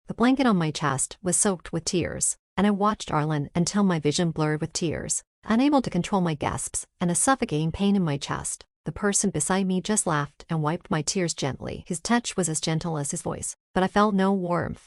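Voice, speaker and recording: A woman narrating a first-person story in steady, somber scripted audiobook style. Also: on the low side, normal speed, few pauses, no echo, clean studio sound.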